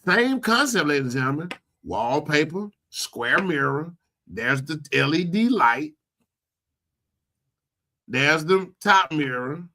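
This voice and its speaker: A man talking casually on a live stream, his voice swinging widely and sitting a bit high. He takes his time and often stops to restart his sentences, sounding amazed at what he shows. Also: takes it slowly, long pauses. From Florida. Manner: animated, incredulous, rambling with restarts. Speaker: host. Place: home workspace at a computer.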